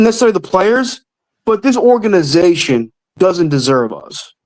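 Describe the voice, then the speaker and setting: A man's voice: high-pitched, poor audio. A young man calling in to a sports show, talking in an emotional, rambling way and swearing now and then. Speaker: caller. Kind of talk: casual sports call-in rant.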